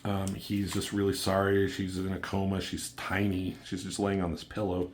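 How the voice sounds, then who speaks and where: Low-voiced man rambling through a comic review. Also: completely flat delivery, moderate pace, a little hiss or hum. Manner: loose, rambling, filler-heavy, swears casually.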